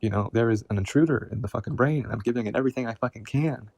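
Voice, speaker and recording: A man's voice: medium pitch, very fast, creaky, darkish tone, husky, dry recording. A man talking to camera in a rambling, agitated personal monologue, swearing constantly and repeating himself. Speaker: vlogger.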